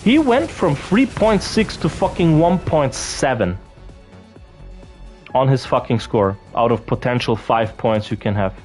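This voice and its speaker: A man's voice: mid-range voice, expressive, measured pace, a little mellow, faint music behind. A young man from Austria, ranting profanely and indignantly as he tells a storytime vlog. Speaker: vlogger. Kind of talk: angry storytime rant.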